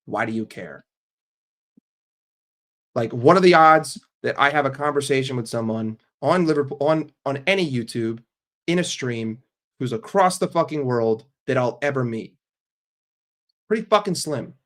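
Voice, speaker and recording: A man with a voice of middle pitch hosts a live stream and answers his chat in a loose, casual way. He talks bluntly, swears a lot and makes quick jokes. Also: animated, a bit bright. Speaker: livestream host.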